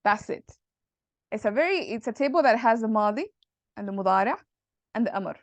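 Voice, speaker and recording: A woman teacher telling a playful, jokey story to explain a lesson, in a conspiratorial, animated way. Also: a little high, fairly quick, dry recording. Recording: dull dry lo-fi recording.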